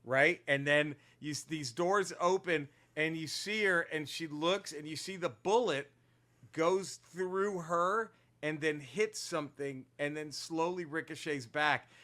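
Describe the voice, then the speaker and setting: A man co-hosting a casual podcast, retelling comic book plots in an animated, profane way with lots of restarts. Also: fairly high pitch, a little slow. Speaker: podcast co-host.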